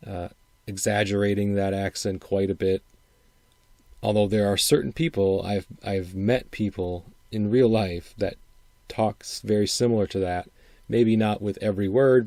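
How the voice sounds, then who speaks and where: Low, mellow-voiced man from Wisconsin. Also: no echo. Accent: upper Midwestern. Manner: rambling, thinking aloud, repeats words. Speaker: podcast host. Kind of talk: casual solo podcast commentary.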